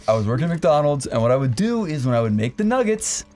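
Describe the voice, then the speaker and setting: A man's voice: fairly high pitch, fast talker. A young adult man casually telling a crude story as a podcast co-host, swearing freely. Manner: profane, animated anecdote-telling.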